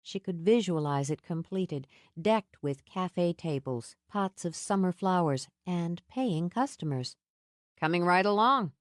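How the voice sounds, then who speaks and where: A woman reading a novel aloud with expressive, storytelling delivery. Her voice sits fairly low yet moves with lively rises and falls, and the recording is dry and close. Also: a little slow, hardly any pauses, no room sound. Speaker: audiobook narrator. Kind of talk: scripted narration.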